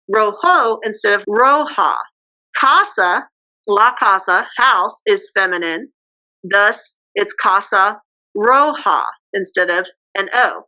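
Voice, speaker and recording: A woman's voice: fairly high pitch, sharp tone, rough recording. A woman teacher giving a casual classroom lecture, chatty and acting out example phrases.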